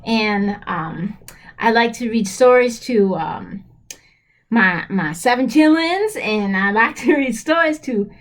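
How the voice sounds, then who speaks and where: A woman with a high, light voice rambles along like an eager child, stopping and restarting with lots of ums. She is excitable and giggly, and she has a slight cold. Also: takes it slowly. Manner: breaks into giggles. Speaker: storyteller character.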